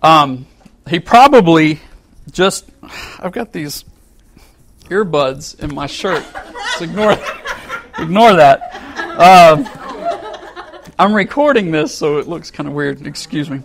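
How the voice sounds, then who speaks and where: A man preaching a sermon, telling a story with animated delivery and acting out the angry quotes as he chuckles along with his congregation. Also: fairly high pitch, slow pace, long pauses, a little hiss or hum.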